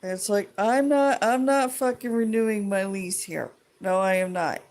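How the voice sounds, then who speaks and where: A woman's voice: mid-range voice, a little slow, a little mellow. Heated, rambling woman ranting. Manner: heated, profane, rambling with many restarts. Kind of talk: casual rant to camera.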